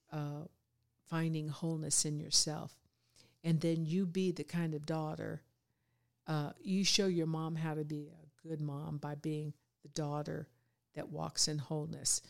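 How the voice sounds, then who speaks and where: A middle-aged woman with a low voice and a gravelly edge, guesting on a podcast. She talks in a relaxed, reflective way, pausing often and restarting her sentences as she thinks. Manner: reflective, many fillers and restarts. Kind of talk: casual podcast conversation.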